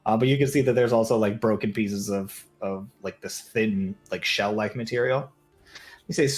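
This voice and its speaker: A man's voice: lowish voice, normal speed. Casual rambling male game master. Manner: casual, rambling, full of "like" fillers. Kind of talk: narrating a tabletop game.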